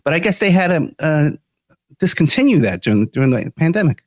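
A man's voice: a little high, big pitch swings, a little fast, no room sound. A man hosting a podcast, plugging the show and chatting with guests in a folksy, easygoing way full of fillers. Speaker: podcast host. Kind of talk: casual interview chat.

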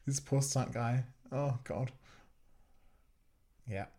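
A man's voice: mid-range voice, extremely slow, warm tone. A man hosting a podcast, giving joking watch-along commentary and teasing the scenes with frequent giggles. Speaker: podcast host.

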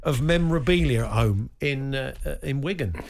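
A man's voice: mid-range voice, animated, normal speed, vocal fry. A man hosting a radio talk show, trading dry, teasing banter in casual chat.

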